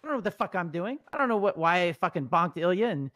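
A man's voice: sits high, sing-song, fast talker, bright, forceful tone, no echo. A man in a heated improvised roleplay, pleading and swearing constantly in a frantic way. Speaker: roleplay character Stevie.

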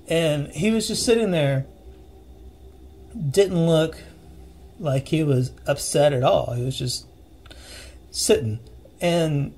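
A man telling a personal ghost story in a casual, earnest way, pausing and restarting as he recalls the details. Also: a little high, darkish tone, slightly rough. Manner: earnest, halting retelling with restarts and vivid detail.

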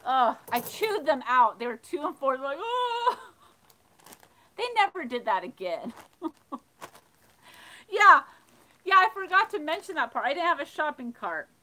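A woman hosting a livestream, casually telling funny stories and reading chat, animated and laughing. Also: high-pitched, moderate pace, long pauses, rough recording. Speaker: livestream host of a thrifting channel. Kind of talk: casual storytelling while reading live chat.

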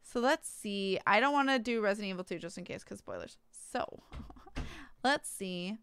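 A woman game streamer, bubbly and chatty, wrapping up her stream with quick thank-yous. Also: medium pitch, lively intonation, a bit bright, clear, resonant tone, no echo. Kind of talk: let's play commentary and stream outro.

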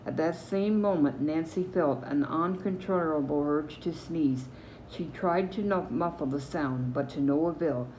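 An older woman with a Newfoundland accent reads a mystery novel aloud in a low voice, telling it steadily and fixing small slips as she goes. A faint hiss sits behind her. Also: a little slow, low-quality recording. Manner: steady storytelling with small slips and self-corrections. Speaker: reader.

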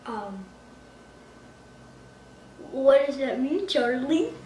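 A woman hosts a spoof vlog at home in a playful, mock-dramatic manner. Her high voice swoops widely, and she takes her time over her words. She sits a little back from the mic, and the room around her echoes. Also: sing-song, drawn-out words, dark tone, far from the mic, a little hiss or hum. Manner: mock-dramatic, playful, exaggerated gasps and alarm. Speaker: vlogger. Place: at home indoors.

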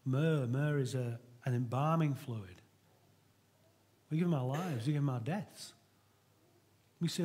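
Husky middle-aged man preaching. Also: mid-range voice, a little slow, long pauses, dark tone. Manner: earnest and conversational, with frequent restarts. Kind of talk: sermon.

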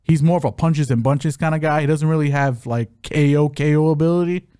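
A man's voice: on the high side, fairly quick, clean tone, no echo, clean studio sound. A man co-hosting a fight betting podcast in casual chat, breaking down matchups with joking asides. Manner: animated, joking, hype-announcer asides.

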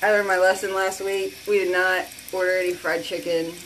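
A woman hosting an excited sales chat for viewers, gushing and repeating phrases for emphasis with breathless exclamations. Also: lowish voice, a little fast, a little hiss or hum. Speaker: host selling beauty products.

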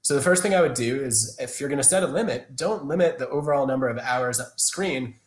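A man in his thirties answers interview questions in a thoughtful, explanatory way, often restarting his sentences. He speaks at a middle pitch. The sound is roomy, with a noticeable echo from a video call. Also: fast talker. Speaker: guest, organizational psychologist.

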